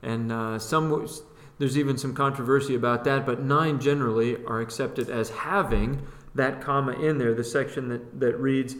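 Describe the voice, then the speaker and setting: A man's voice: medium pitch, normal speed, a bit bright, reverberant. A man co-hosting a casual Bible discussion, trading dry one-liners and reading scripture aloud. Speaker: podcast co-host.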